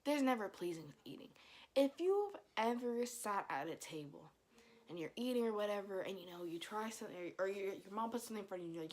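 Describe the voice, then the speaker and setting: A young woman with a Dominican family background, telling comic stories to camera in a casual vlog, mimicking her mother's scolding and getting loud at the punchlines. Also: medium pitch, expressive, fast. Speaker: vlogger. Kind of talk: casual comedic storytelling to camera.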